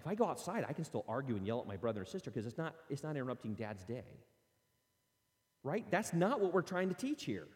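A middle-aged man with a darkish voice on the high side gives an earnest, conversational teaching talk to parents, acting out quotes from both parents and children. The recording has a long reverb.

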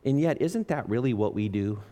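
A man preaching a sermon in an earnest, measured way, slowing down and dropping low on key phrases. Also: lively intonation, dark tone.

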